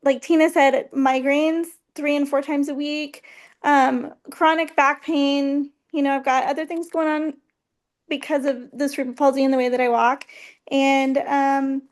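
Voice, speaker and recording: A woman's voice: high-pitched, level tone, unhurried. A woman sharing a personal testimony as a guest, heartfelt and hesitant, with many ums.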